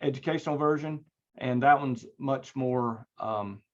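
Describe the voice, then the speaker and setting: Male instructor, mid-pitched, loose filler-heavy delivery, dull lo-fi computer-mic sound. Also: unhurried. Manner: casual, rambling, many fillers and restarts. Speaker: networking instructor. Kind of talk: recorded online class lecture with screen share.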